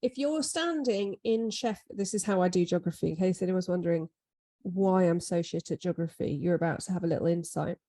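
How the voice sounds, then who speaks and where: A woman's voice: lowish voice, brisk, dark tone. A woman co-hosting a podcast in casual conversation, rambling and making fun of herself. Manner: rambling, self-deprecating. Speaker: podcast co-host. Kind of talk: casual chat.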